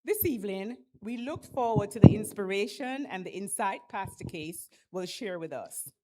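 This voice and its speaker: A woman emcee gives a formal introduction to the evening's speaker. Her manner is ceremonious. Her voice sits at an ordinary middle pitch. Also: lively intonation, moderate pace, crowd noise.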